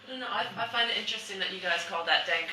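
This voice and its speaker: A man from California with an American accent, chatting casually and haltingly at a tasting. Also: high voice, bright, forceful tone. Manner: halting, laughs while talking. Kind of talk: casual chat. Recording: echoey room, distant mic, background noise.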